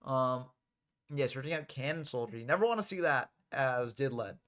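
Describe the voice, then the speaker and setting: A man's voice: medium pitch, animated, moderate pace, a bit bright. A man casually calling a card game match play by play as channel host, drifting into chatty asides.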